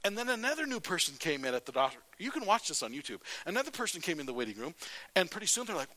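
A man preaching a sermon as pastor, telling stories in a lively way and reading scripture aloud. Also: high voice, racing. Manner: animated storytelling, then plain scripture reading.

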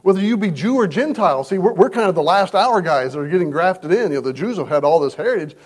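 Lively high-voiced pastor preaching. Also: male voice, fast. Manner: conversational, acts out quoted voices. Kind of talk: verse-by-verse sermon. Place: church service.

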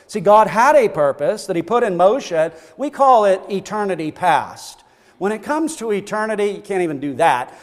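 A man with a notably high voice preaches a sermon in a church hall, his words ringing with a long echo. He drives his points home by piling up short repeated phrases, stumbling and restarting now and then. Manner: emphatic, repeats phrases for stress, frequent restarts. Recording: long reverb of a large hall.

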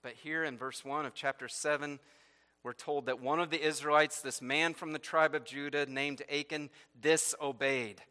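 A man's voice: on the high side, steady tone, normal speed, bright, forceful tone, long reverb tail. A man preaching a sermon, reading scripture aloud and explaining it verse by verse with rhetorical questions. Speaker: pastor.

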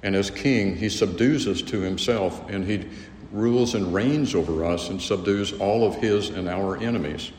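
A man teaching a theology lecture in a measured, earnest way, often restarting his phrases. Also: low voice, darkish tone. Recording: echoey hall, faint room noise.

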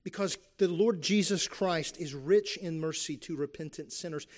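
Man, preacher, sermon, emphatic, rhetorical questions, slightly high voice. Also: moderate pace. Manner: earnest, emphatic, with rhetorical questions and acted-out quotes.

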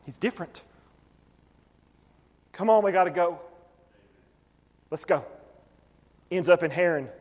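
A male pastor preaching a sermon, repeating phrases and building to shouts. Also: sits high, unhurried, long pauses, big-room sound.

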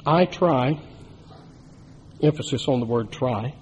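A man's voice: mid-range voice, measured pace, a little mellow, slight background noise. A man preaching a sermon, telling a story and building to emphatic, rising climaxes. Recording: long hall reverb.

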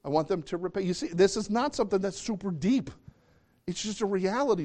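A middle-aged male pastor preaching a sermon in an animated way, often acting out the voices of the people he quotes. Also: high-pitched, a little fast.

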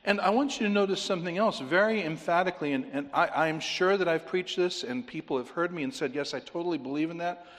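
Pastor guy preaching, kinda high voice, hammers points over and over, echoey church sound. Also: quick pace, hardly any pauses. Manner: emphatic, repetitive, drops to quiet intensity. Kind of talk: sermon.

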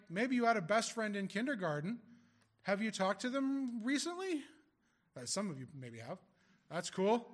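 A male pastor delivering a sermon in a fairly high voice. He talks conversationally, reading scripture and then putting rhetorical questions to his listeners. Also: fairly bright tone.

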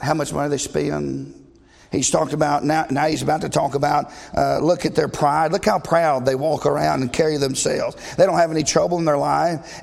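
A man's voice: a little high, gravelly, in a large hall. A man preaching a sermon in an emphatic, conversational way, often asking the congregation questions.

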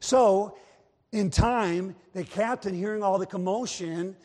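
A man's voice: sits high, slow pace, darkish tone. A man preaching a sermon emphatically, with repeated phrases and a story told from the pulpit. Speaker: Baptist preacher. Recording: long reverb of a large hall.

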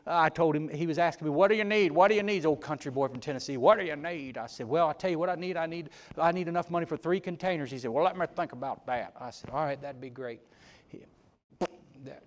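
A middle-aged male preacher delivers a sermon in a church. His voice sits a little high. He mixes homespun stories with rising, fervent exhortation. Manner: folksy storytelling, rising to loud exhortation. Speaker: preacher and ministry leader. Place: church sanctuary.

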